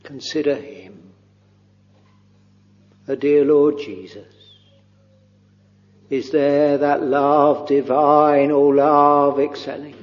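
A man preaching a devotional sermon, very slow and halting, with long pauses and soft trailing phrases. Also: on the high side. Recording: dull lo-fi recording with long hall reverb.

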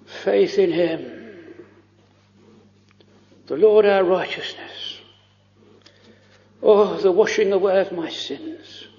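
A man preaching a fervent, pleading sermon, full of drawn-out exclamations and quoted prayers. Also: high voice, mellow. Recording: lo-fi recording in a reverberant church.

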